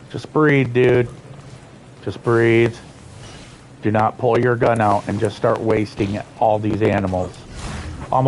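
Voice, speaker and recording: Man, livestream gamer, exasperated, cursing, mid pitch, faint background hiss. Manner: frustrated, swearing, muttering at the game. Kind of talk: live gameplay commentary.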